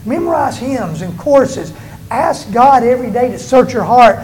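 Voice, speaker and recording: A male pastor preaching a sermon in church, with emphatic delivery that rises and falls and slows down on stressed words. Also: very high voice, animated, a little mellow, a little hiss or hum, rough recording.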